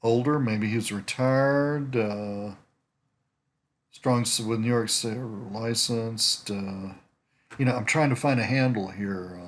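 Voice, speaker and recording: Slight background noise sits behind this man's medium-pitched voice. Working from home in winter as a network marketer, he prospects on a social site, thinking out loud about profiles in rambling screen-share commentary full of restarts and side comments.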